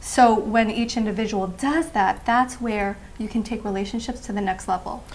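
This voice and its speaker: A woman guest who teaches sensuality, answering calmly and often affirming with "absolutely". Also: medium pitch, normal speed. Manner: calm, affirming, repeats "absolutely". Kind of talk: interview answers.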